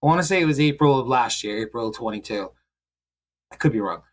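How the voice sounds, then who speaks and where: A man's voice: mid-range voice, lively intonation, brisk. A man hosting a podcast in casual chat, joking and swearing as he rambles through a story. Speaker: podcast host.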